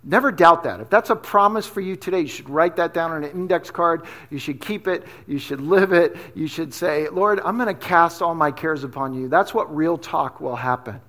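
High-voiced man preaching casually. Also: moderate pace, few pauses, fairly bright tone. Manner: casual, conversational preaching with slang asides. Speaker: pastor. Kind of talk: sermon.

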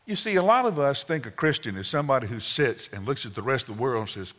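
A man in his sixties preaching a sermon, telling folksy family stories with sudden loud outbursts and soft asides. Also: medium pitch, expressive, fast talker. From Southern United States. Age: 60s. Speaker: pastor. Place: church sanctuary. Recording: long hall reverb.

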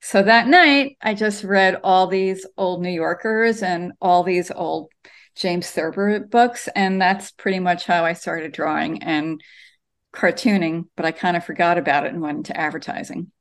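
A woman's voice: lowish voice, a little slow. A woman cartoonist, a guest in an interview, telling her story with lots of ums over a video call from her home studio. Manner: animated storyteller, many ums.

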